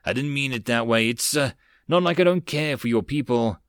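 A man voicing a weary, burdened starship captain in an audiobook, in a tired, low-key voice. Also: fairly quick, clean tone, no echo, studio quality, lightly acted.

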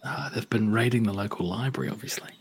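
A man's voice: on the low side, fast talker, slight background noise. A man playing a tabletop game who jokes and laughs a lot with his friends. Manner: joking, laughs often. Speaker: player. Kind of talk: casual tabletop banter.

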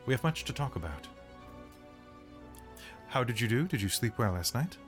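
A man voicing a courteous male military commander in a tabletop game, formal and softly spoken. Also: mid-range voice, very animated, moderate pace, faint music behind, lightly acted.

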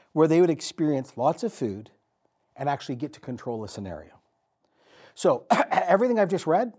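A man preaching a sermon as pastor, telling the story vividly with dramatic pauses and repetition. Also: on the high side, warm tone, slightly rough.

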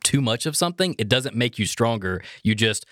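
A man's voice: mid-range voice, expressive, brisk, a bit bright, no echo, clean studio sound. A man playing in a tabletop game, chatting casually. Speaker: player.

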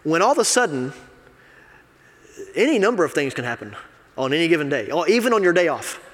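An assistant pastor preaching a sermon in a conversational, confessional way, swinging from quiet asides to loud emphasis. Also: male voice, a little high, big pitch swings, fairly quick. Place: church sanctuary. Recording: long reverb of a church hall.

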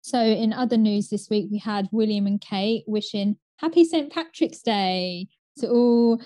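A woman co-hosting a casual chat, relaxed and newsy with frequent fillers. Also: medium pitch, measured pace, dry recording. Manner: relaxed, newsy, many "um" and "obviously". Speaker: co-host.

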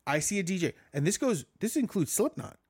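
A man's voice: high-pitched, big pitch swings, fairly quick, darkish tone, breathy edge, no echo, studio quality. A man co-hosting a music podcast, talking casually in a blunt, profane, opinionated way. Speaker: podcast co-host. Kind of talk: casual chat about music.

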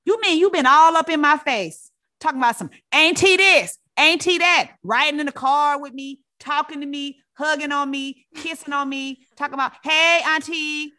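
A woman voicing a loud, blunt older auntie who scolds and gives orders emphatically. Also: mid-range voice, fairly quick, close to an everyday voice. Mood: indignant.

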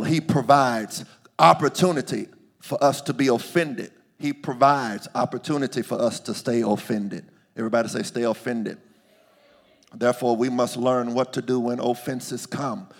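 A man preaching a sermon, calling out to the congregation and swinging from hushed asides to loud, drawn-out declarations. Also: medium pitch, vocal fry. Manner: call-and-response preaching, swings from hushed to shouting.

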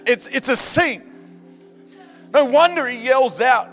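A man preaching a sermon to a church, animated and humorous, rising to shouts at times. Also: very high-pitched, takes it slowly. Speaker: pastor. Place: church hall. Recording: reverberant church hall with music. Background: band music.

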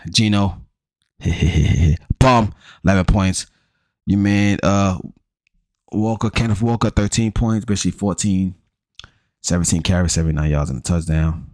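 A man's voice: low-pitched, darkish tone, no echo, clean studio sound. A man hosting his own show, rambling through a casual recap, talking slangy and profane and calling his listeners bro. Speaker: fantasy football show host.

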